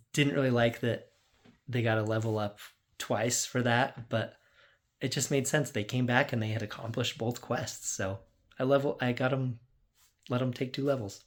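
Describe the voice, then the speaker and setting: Chatty man recapping his game sessions. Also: medium pitch. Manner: rambling, lots of "like", acts out quotes. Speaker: dungeon master. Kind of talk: casual tabletop session recap.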